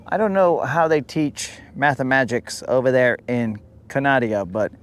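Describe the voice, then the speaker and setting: Out on a lake, a man hosts a live fishing stream from his boat, joking and teasing with viewers and muttering to himself as he fishes. His medium-pitched voice is expressive and moves at a moderate pace with hardly any pauses.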